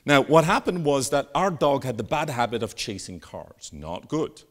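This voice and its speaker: A man giving a live keynote talk, telling stories and jokes with animated, sweeping emphasis. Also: medium pitch, moderate pace. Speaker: keynote speaker. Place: conference stage with an audience.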